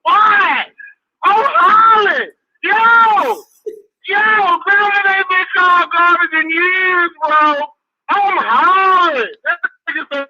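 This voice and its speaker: A caller on a live sports show, loud and incredulous at the banter. The voice is extremely high and piercingly bright, and the talk comes slowly and drawn out. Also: lo-fi sound. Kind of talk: call-in banter.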